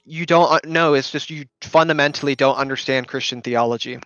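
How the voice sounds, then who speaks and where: A man presses his Christian arguments in a heated online voice debate, insistent and quick to repeat himself over others. His voice is bright and tense. The mic sounds dull and lo-fi, dry with no room around it. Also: mid-range voice, steady tone, no echo.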